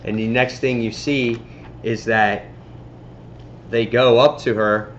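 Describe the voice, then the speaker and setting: A man casually reviewing a comic book on his vlog, excitably retelling the story. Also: mid-range voice, takes it slowly, dull audio, a little hiss or hum.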